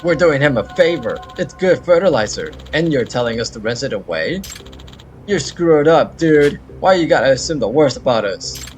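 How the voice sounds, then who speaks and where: A man's voice: mid-range voice, expressive, moderate pace, faint music behind, close to an everyday voice. A man voicing a snarling teenage delinquent, reading game dialogue aloud with a crude, taunting manner. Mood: sneering.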